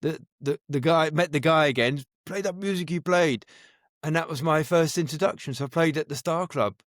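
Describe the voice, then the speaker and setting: A middle-aged man talks through his memories as an interview guest, often restarting his phrases. His voice sits a little high for a man. The sound is dry and close, with no room echo. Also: moderate pace, fairly bright tone. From England. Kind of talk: casual interview storytelling.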